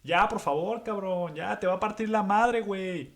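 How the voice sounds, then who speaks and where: A man doing a pack of nervous young Mexican guys with a Mexican Spanish accent, begging a drunk friend to back off. Their voices ride high and hushed, quick and urgent, quieter than the storyteller around them. Each plea tumbles out in a rush. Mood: pleading, urgent. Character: pleading young Mexican men holding someone back.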